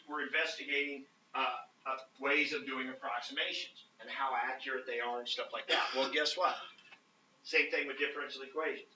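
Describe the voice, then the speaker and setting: A man's voice: medium pitch, bright, forceful tone, slight background noise. A man teaching a math class, talking casually with many fillers and often checking in with the students. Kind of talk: classroom lecture. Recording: roomy, distant, dull classroom audio.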